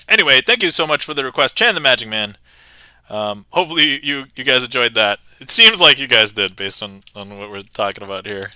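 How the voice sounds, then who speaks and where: A man streams from a home setup with a very bright, crisp voice, joking loosely as he narrates card tricks. He laughs often and reads viewer comments aloud. The sound is dry and close, with no room echo. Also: medium pitch, animated, moderate pace. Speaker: magic livestreamer. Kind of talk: casual live-stream chat while performing card tricks.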